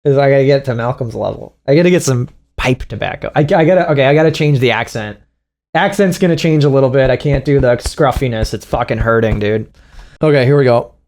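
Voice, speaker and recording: A man's voice: medium pitch, fairly quick, a little mellow. A man giving casual reaction commentary as a streamer, profane and mocking, laughing often.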